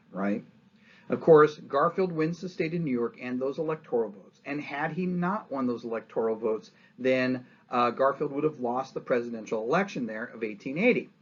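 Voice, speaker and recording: A man giving a history lecture as a lively story, acting out quotes and often asking "right?". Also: medium pitch, dull audio.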